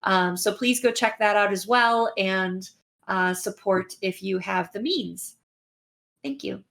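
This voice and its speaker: A woman's voice: medium pitch, slow pace, creaky, fairly bright tone. A woman hosting a game stream, chatting casually with frequent ums and uhs as she wraps up. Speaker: host. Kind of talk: casual livestream wrap-up.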